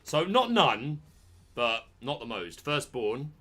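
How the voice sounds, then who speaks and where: Excitable man opening card packs. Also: medium pitch, slow pace, slightly rough, faint music behind. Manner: excitable, jokey trash talk with sudden shouts. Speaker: trading card channel host. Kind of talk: casual pack-opening commentary.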